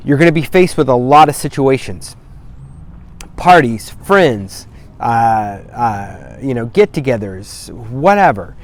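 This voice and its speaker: Male sobriety coach, plain mid voice, emphatic and profane, motivational talk to camera. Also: mid-range voice. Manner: blunt, emphatic, swears for emphasis. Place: outdoors on a cloudy day.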